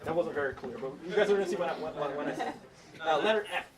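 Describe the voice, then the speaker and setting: High-voiced conductor singing rhythms. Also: male voice, very fast, a crowd in the background. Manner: sings rhythms in syllables while explaining. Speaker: orchestra conductor. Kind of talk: rehearsal instructions. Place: orchestra rehearsal room. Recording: distant voice with orchestra playing. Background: orchestra playing.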